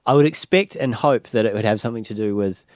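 A man's voice: on the low side, fast talker, no echo, studio quality. Self-deprecating man with New Zealand accent. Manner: self-deprecating, apologetic, rambling. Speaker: podcast guest. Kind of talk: casual chat.

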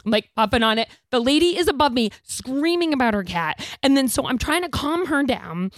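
A woman telling a wild story in casual chat, animated and laughing as she goes. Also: high-pitched, brisk, no room sound, studio quality.

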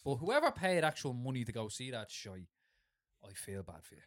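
An Irish man co-hosting a podcast, telling a story in a casual, animated and sweary way. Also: mid-range voice, normal speed, no echo, clean studio sound. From Ireland. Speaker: podcast co-host. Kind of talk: casual chat.

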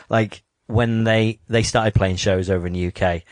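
A man's voice: fairly low pitch, steady tone, normal speed, no room sound. A man talking in casual chat, rambling with frequent ums.

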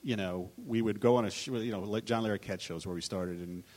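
A man's voice: fairly low pitch, a little fast, a little mellow. A man on a live writers' panel, telling anecdotes in a rambling, self-interrupting way and acting out quotes.

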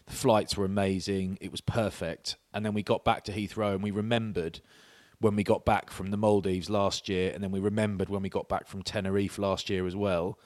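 A man's voice: low-pitched, little pitch movement, brisk, few pauses, a little mellow. A man, chatting on a podcast and telling stories with laughs and swearing. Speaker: podcast co-host. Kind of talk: casual chat.

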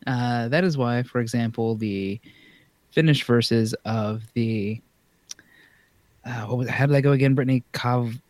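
A man's voice: medium pitch, unhurried, darkish tone, dry recording. A man co-hosting a casual podcast, joking around and stumbling over foreign words as he reads out notes. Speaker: podcast co-host. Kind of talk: casual chat.

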